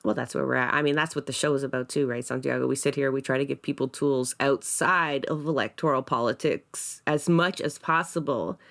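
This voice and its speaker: Low-voiced woman hosting a podcast. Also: fairly even intonation, a little fast, creaky, few pauses, a bit bright. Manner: direct, rhetorical questions. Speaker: podcast host. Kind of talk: casual political discussion.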